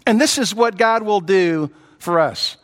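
A man preaching a sermon, earnest and repetitive, who rises in pitch when voicing others. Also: measured pace. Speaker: pastor. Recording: long hall reverb.

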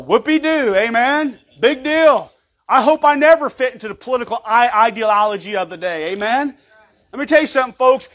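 A man's voice: sits high, a bit bright. A man preaching a sermon as pastor, emphatic, often calling out "Amen?" to the congregation and stumbling over repeated words.

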